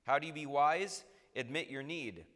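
A man's voice: a little high, normal speed, a bit bright, big-room sound. A man preaching a sermon, emphatic and repeating phrases for stress.

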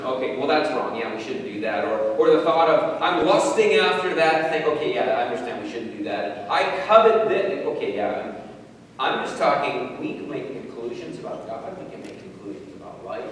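A man preaching a sermon, emphatic, rising to forceful peaks and then dropping low. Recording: echoey hall from far off, faint noise.

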